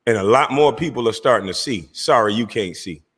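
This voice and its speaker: A man's voice: mid-range voice, lively intonation, a little fast, fairly bright tone, slightly rough. Man ranting at a rival, echoing room. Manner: heated, mocking, addresses rival directly. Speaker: livestream host. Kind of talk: confrontational call-out rant.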